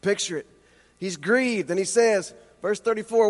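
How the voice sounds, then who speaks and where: A man preaching a sermon with impassioned rhetorical questions, slowing down for emphasis. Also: sits high, big-room sound. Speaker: pastor.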